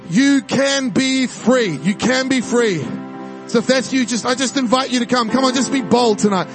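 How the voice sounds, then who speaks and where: A man's voice: extremely high pitch, a little fast, music in the background. A man from New preaching a charismatic sermon, exhorting the crowd and praying in tongues during the altar call. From New Zealand. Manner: fervent, exhorting, speaks in tongues. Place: church service with music behind.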